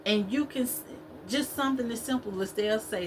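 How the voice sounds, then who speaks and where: A woman's voice: fairly high pitch, moderate pace, a little hiss or hum. A woman giving a spiritual talk to her viewers, preachy and repetitive, in a conversational way. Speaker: spiritual vlogger.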